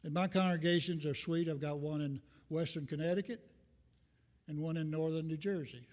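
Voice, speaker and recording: In a church sanctuary full of long reverb, an older man preaches a loose, informal sermon as a visiting minister, drifting from thought to thought with humor at his own expense. His voice is somewhat high for a man, darkish in tone, fairly even in intonation, at a normal speed.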